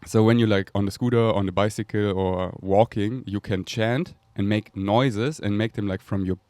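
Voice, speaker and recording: The host speaks at a normal speed in a fairly low, steady, darkish voice, and the recording has no echo. With his German accent, he rambles dreamily through a casual spiritual talk, often laughing and making breathy whooshes.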